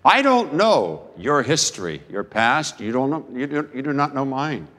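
A man preaching a sermon as a pastor, slow and deliberate, with dramatic pauses. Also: medium pitch, sing-song, a bit bright, long reverb tail.

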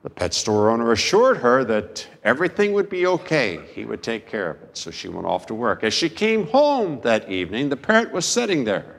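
A man preaching a sermon as a pastor, slow and deliberate, with dramatic pauses. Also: medium pitch, sing-song, creaky, long reverb tail.

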